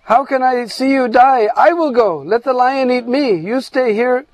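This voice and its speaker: A man's voice: very high-pitched, unhurried, dry recording, pitched above the performer's own voice. A man voicing a young calf who begs to give its life for its mother, in earnest repeated pleas. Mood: pleading.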